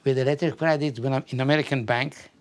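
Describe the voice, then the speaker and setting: An older man from Afghanistan, telling his life story in an oral history interview, halting and often repeating words. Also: mid-range voice, fairly even intonation.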